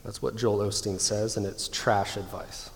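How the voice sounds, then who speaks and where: A man in his thirties preaching a sermon with emphatic delivery, slowing down to stress key lines. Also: fairly low pitch, fairly even intonation, vocal fry, slight background noise. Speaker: pastor. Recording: long hall reverb.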